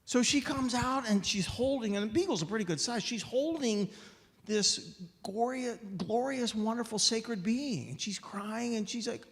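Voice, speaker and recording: A male guest speaker telling a story in a sermon at a spiritual center, animated and often restarting phrases, in an echoey hall. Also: high voice, moderate pace. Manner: animated, voicing characters, frequent restarts.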